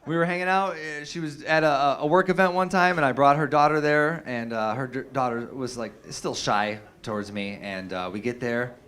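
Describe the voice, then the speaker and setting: A man's voice: medium pitch, moderate pace, hardly any pauses, a bit bright, smooth. A young adult man doing a stand-up comedy set, telling stories in a loose, profane way with lots of fillers and restarts. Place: comedy stage with a live audience.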